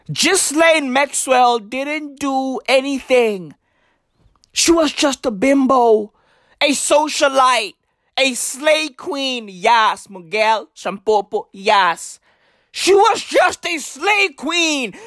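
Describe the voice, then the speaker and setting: A woman doing a satirical comedy rant, loud and profane, often bursting into mock-outraged shouts and heavy street slang. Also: on the high side, no room sound, studio quality.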